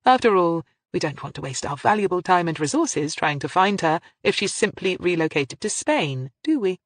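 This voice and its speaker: A narrator doing a crisp, probing detective woman. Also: lowish voice, very animated, moderate pace, no echo. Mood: bright. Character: shrewd, crisp woman police inspector.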